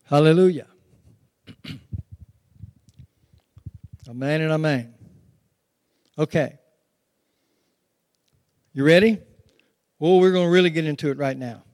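A man's voice: on the high side, takes it slowly, long pauses, darkish tone. A man preaching a sermon, calling on the congregation to repeat words back and dramatically retelling scenes. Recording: long hall reverb.

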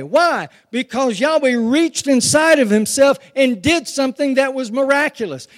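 A man preaching a sermon, calling on the congregation to repeat words back and dramatically retelling scenes. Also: very high voice. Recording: long hall reverb.

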